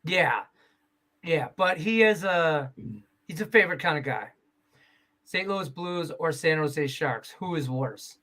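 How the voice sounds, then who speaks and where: A man with a slightly higher voice hosts a relaxed sports betting chat, tossing out picks and jokes with casual swearing. His talk is loose and playful, moving between teams and banter with his co-hosts. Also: measured pace, long pauses. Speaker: sports betting show host.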